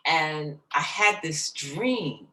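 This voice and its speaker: Woman guest telling a sad family story, slow and halting, mic kinda far off. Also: low voice, animated, bright, forceful tone, a little hiss or hum. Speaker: interview guest. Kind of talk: emotional personal storytelling.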